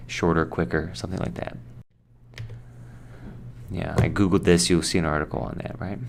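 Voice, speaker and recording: An American man teaching English vocabulary in a relaxed, chatty way, with fillers and asides. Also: deep voice, moderate pace, creaky, long pauses. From United States. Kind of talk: casual explanation.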